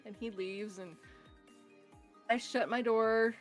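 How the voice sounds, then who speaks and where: A woman casually telling a true scary story on a podcast, animated and acting out the voices in it. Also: fairly high pitch, takes it slowly, soft background music. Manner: animated, acts out voices in her stories, laughs often. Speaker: guest storyteller.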